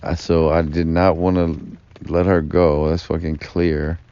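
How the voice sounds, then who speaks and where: A man's voice: sits low, level tone, a little slow, dark tone, clear, resonant tone. A man telling a long personal story in a rambling, profane vlog monologue, full of fillers and asides. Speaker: vlogger. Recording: dull lo-fi recording.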